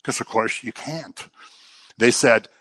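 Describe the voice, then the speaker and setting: Male pastor, bright voice, dry sound, playful animated sermon. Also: medium pitch, takes it slowly, no room sound. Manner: jokey, animated preaching with acted-out quotes.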